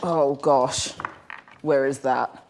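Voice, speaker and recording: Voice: mid-range voice, fairly even intonation, drawn-out words, a little mellow, a little hiss or hum. An English player in a tabletop game, giggly and full of enthusiastic interjections.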